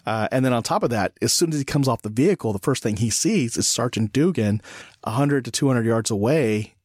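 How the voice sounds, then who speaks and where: A man hosts a laid-back podcast chat in a middle-range voice. He talks reflectively, pausing and restarting his thoughts. The sound is close and dry, with no room around it. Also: medium pitch, lively intonation, darkish tone, slightly rough, no echo. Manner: reflective, halting with frequent restarts. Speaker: podcast host. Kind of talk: casual podcast conversation.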